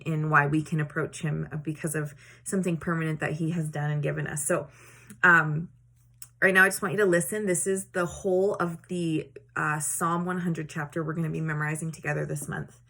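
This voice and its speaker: A woman teaching a scripture memory lesson in a chatty, animated, encouraging way. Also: low-pitched. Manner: chatty and animated, acts out quotes; encouraging, plainspoken. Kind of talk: casual teaching video.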